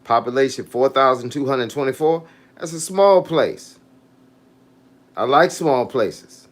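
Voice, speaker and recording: A relaxed man who coaches fitness talks loosely on a live stream. His pitch is medium for a man, and he keeps opening with "hey, look" as he answers viewers' comments. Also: unhurried. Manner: laid-back, repeats "hey, look" and reads out viewer comments. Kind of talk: casual livestream chat with viewers.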